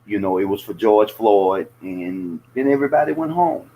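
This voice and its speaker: A man's voice: lowish voice, expressive, normal speed, warm tone, a little hiss or hum, low-quality recording. Profane Southern man in loose chat. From American South. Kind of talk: casual podcast chat.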